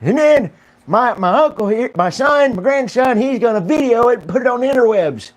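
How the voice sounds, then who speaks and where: A man's voice: extremely high pitch, animated, brisk, voice pushed up. A man voicing a stubborn, defiant old rural American man who refuses to leave his home. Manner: defiant, cranky.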